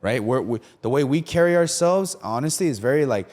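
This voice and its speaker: A man's voice: medium pitch, animated, fairly quick, a little mellow. A young man, a pastor, talking casually on a podcast, full of fillers and acted-out quotes. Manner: conversational, many fillers, acts out quotes.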